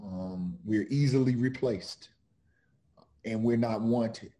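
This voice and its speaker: Slow, very dark-voiced earnest man. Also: fairly low pitch. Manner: slow, earnest, with many pauses and restarts. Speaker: author and criminal defense lawyer. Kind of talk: reflective talk with read-aloud book passage.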